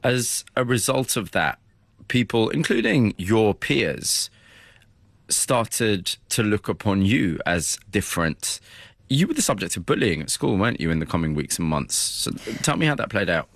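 Calm man asking interview questions. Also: fairly low pitch, normal speed, creaky, no echo.

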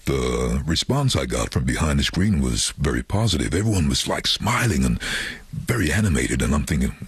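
A man who works as a voice-over artist, telling animated stories in an interview and acting out other people's voices. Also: very deep voice, normal speed, slightly rough, no room sound. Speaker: voice-over artist and former train driver. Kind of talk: storytelling in an interview.

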